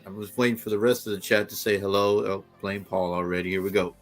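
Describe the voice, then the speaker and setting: A man's voice: lowish voice, level tone, fast talker, faint music behind. A man on a casual livestream panel, joking and teasing with a playful tone.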